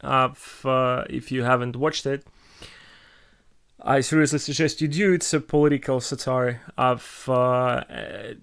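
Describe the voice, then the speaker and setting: Halting Russian-accented man with smooth voice. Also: medium pitch, steady tone, a bit bright. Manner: halting, many restarts and filler sounds. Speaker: streamer answering viewer questions. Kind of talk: casual live-stream chat.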